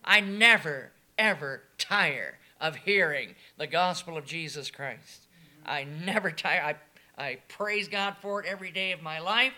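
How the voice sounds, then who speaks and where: A man preaching a sermon, emphatic and animated, moving between soft asides and loud, shouted declarations. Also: a little high, normal speed, few pauses.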